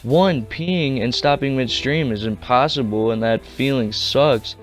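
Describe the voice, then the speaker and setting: A man's voice: medium pitch, measured pace, faint music behind. A young man casually telling a rambling, slangy story. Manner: rambling, slangy, laid-back.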